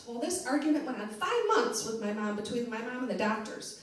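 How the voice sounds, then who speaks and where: A woman's voice: on the high side, animated, brisk, slight background noise. A middle-aged woman doing a brash stand-up set in a comedy club, laughing at her own jokes. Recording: roomy club sound from a distance.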